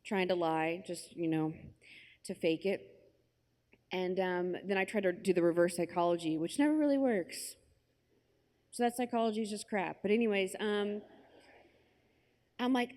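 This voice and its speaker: A woman's voice: mid-range voice, moderate pace, pauses often, darkish tone. A woman from the United States telling a personal story to a conference audience, chatty and conversational with many asides. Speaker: conference speaker. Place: large conference hall. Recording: long hall reverb.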